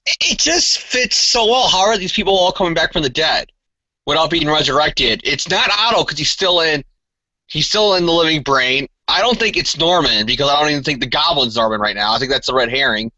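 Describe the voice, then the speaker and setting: Man, casual podcast co-host, emphatic, bright tense voice, dry lo-fi sound. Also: on the high side, fairly quick, dry recording. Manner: animated, speculative, emphatic. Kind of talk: casual comic book discussion.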